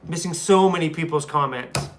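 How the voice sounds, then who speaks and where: A man's voice: a little high, moderate pace, slight background noise. A man hosting a casual live stream from a hotel room, chatting with viewers and reading their comments in a laid-back, chummy way. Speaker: van-life YouTuber hosting a live stream. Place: hotel room, seated on a small chair.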